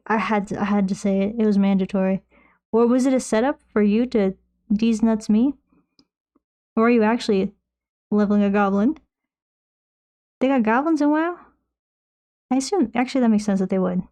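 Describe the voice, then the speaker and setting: A woman's voice: a little high, moderate pace, long pauses, warm tone. A young woman streamer chatting casually while painting, playful and swearing freely.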